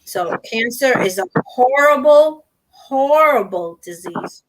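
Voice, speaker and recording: A middle-aged woman in casual chat on a stream panel, talking softly and haltingly with many fillers. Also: high voice, expressive, low-quality recording.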